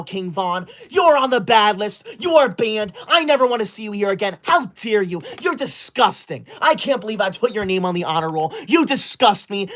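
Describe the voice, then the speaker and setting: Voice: mid-range voice, expressive, normal speed, few pauses. A livestream host reading super chats aloud in a comedic bit, scolding viewers in a fussy, easily offended, school-loving persona.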